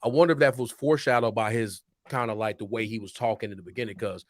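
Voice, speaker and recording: A man's voice: lowish voice, steady tone, fast, no echo, studio quality. A man co-hosting a podcast, talking in a loose, slangy way and laughing often. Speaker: podcast co-host. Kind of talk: casual chat.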